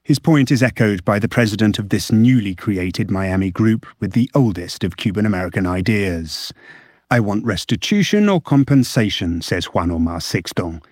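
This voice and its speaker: A man reading a scripted radio news report as a correspondent, measured and steady. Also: deep voice, husky, no room sound, studio quality.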